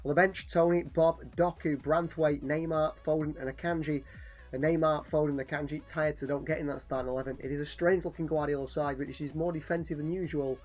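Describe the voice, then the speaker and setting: This hoarse man, who hosts a channel, calls a football video game in a brisk voice that sits on the high side. His commentary is calm play-by-play until goals set him off into excited shouts.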